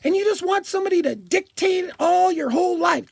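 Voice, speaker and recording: Woman vlogger, very high-pitched, heated profane rant, dry close sound. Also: fairly quick, vocal fry, no room sound. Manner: profane, heated, shouting at times. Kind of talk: angry political rant.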